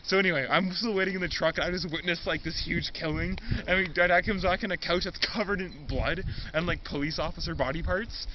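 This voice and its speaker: A man's voice: sits high, a little fast, few pauses. Young man rambling through an absurd story. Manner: rambling, heavy use of "like", chuckling. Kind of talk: absurd improvised comedy story. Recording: dull lo-fi recording with crowd noise.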